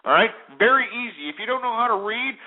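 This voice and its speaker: A man's voice: extremely high pitch, lively intonation, quick pace. A male talk radio host delivering an abrasive, scornful rant full of restarts. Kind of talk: ranting talk radio monologue. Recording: narrow phone-like radio audio.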